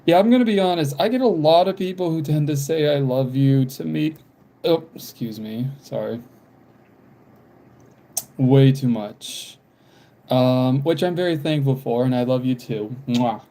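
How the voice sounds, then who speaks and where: A young man live-streaming while doodling, talking casually in halting bits, sighing and apologizing because he has the hiccups. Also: on the high side, warm tone. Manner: halting, apologetic, frequent sighs and small laughs.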